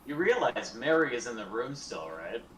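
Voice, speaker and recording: A man's voice: medium pitch, big pitch swings, moderate pace. A man playing in a voice-chat tabletop game, talking in an offhand, casual way. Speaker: player. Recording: echoey room with background noise.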